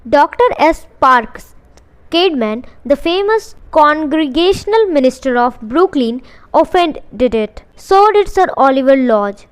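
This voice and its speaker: A woman hosting her channel and reading a self-help book aloud, slow and deliberate, lingering on the key words. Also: high voice, animated. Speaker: audiobook reader and channel host.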